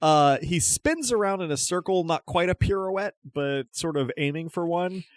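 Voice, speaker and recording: A man's voice: on the high side, normal speed, no room sound. A man narrating a tabletop game as game master, chatty and often restarting his descriptions.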